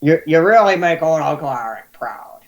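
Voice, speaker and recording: Man doing gruff old Uncle Arik. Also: on the high side, lively intonation, moderate pace. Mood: fond. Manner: plain-spoken, rambling, with stumbles. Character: gruff old retired fighter turned weaponsmith, fond uncle.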